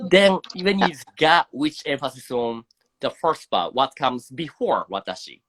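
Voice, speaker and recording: A man's voice: medium pitch, very animated, a little slow, fairly bright tone, slight background noise. A man with a Japanese accent teaching Japanese in a casual online lesson, explaining in English with many fillers. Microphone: phone livestream.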